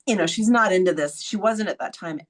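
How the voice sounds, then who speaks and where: A woman hosting a podcast, telling a story in a casual, blunt way, swearing freely and acting out quoted voices with sudden high jumps. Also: fairly quick. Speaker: podcast host.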